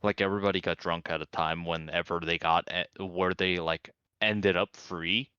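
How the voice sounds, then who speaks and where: A man's voice: low-pitched, fairly even intonation, moderate pace, bright, forceful tone, smooth, dry recording, lo-fi sound. A man chatting loosely on a stream, joking and full of fillers. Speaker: co-player on a stream. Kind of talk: casual stream chat.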